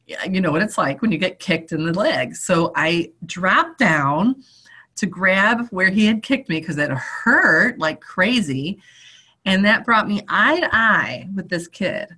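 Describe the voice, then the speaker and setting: Woman, middle-aged, fairly low voice, spiritual talk, storytelling, conversational, unhurried. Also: fairly bright tone. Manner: conversational, unhurried, with fillers and restarts. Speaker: religious sister and teacher.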